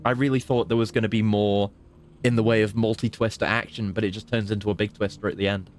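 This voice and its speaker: A man chatting casually while streaming a game, rambling along and laughing at his own dark jokes. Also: on the low side, fairly even intonation, quick pace, a little hiss or hum. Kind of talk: casual gameplay commentary.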